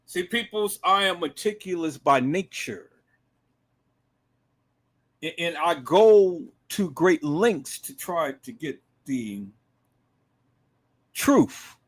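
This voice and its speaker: Man, live-stream host, high voice, very animated, emphatic, shouts and murmurs. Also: slow pace, pauses often. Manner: emphatic, repeatedly addresses viewers as "peoples"; swings from low murmurs to loud shouted outbursts.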